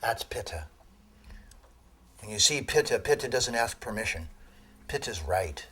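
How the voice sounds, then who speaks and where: A man giving a lecture on Ayurveda to an audience, telling animated stories and laughing at his own jokes. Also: mid-range voice, measured pace, slight background noise. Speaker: Ayurveda teacher.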